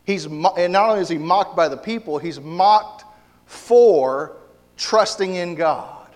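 A man's voice: sits high, unhurried. A man preaching a sermon in a church hall, emphatic and repetitive, often restarting his sentences.

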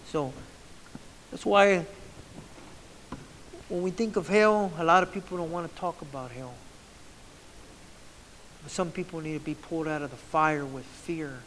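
A man's voice: fairly high pitch, fairly even intonation, unhurried, pauses often, fairly bright tone, slight background noise. A man preaching a sermon in a fervent, repetitive way, often restarting mid-phrase. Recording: long hall reverb.

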